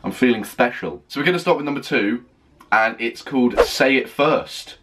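A man reacting to an album on a first listen, gushing and excitable, stopping often to rave about what he hears. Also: medium pitch, normal speed, background noise. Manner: gushing, excitable, full of "oh my God" and "like". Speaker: music reaction vlogger. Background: faint music playing.

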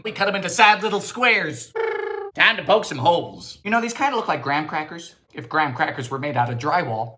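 A young man hosts a comedic baking video, cracking jokes with sudden shouts and squeals. His pitch swings widely from line to line, and his voice is bright and forward. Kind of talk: comedic recipe vlog.

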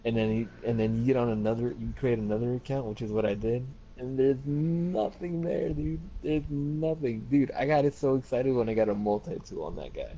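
A man chatting casually over game voice chat, relaxed and rambling, swearing now and then. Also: fairly low pitch, fast talker, hardly any pauses. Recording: dull lo-fi chat audio with faint noise.

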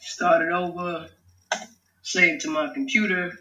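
A man's voice: high voice, flat delivery, unhurried, recorded from a distance. A man casually talking through how he makes his own rap song, loose, slangy and profane. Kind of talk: casual vlog talk-through. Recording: echoey room, off mic, music behind. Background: his beat playing.

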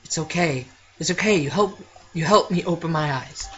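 A man voicing a young man grieving his mother in a video game, in a choked, halting way. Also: on the high side, fairly bright tone, highs cut off, soft background music, natural voice.

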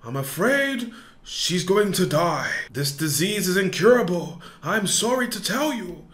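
A woman's voice: lowish voice, sing-song, a little slow, a bit bright, pitched below the performer's own voice. Woman playing a grave, solemn male doctor.

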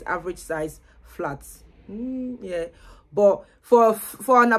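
A woman's voice: medium pitch, a bit bright. A young woman, vlogging casually to camera and chatting in a loose, repetitive way. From Nigeria. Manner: chatty, repeats words as she goes.

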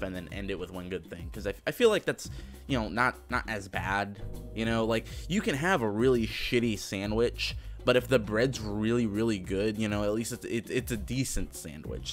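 A man's voice: on the low side, normal speed, soft background music. Profane, sarcastic young man ranting. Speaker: vlogger. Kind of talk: casual ranting vlog.

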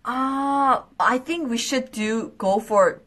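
A young woman hosting a live skincare quiz stream, bubbly and excitable, with quick apologetic asides. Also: a little high. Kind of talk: casual live-stream chat.

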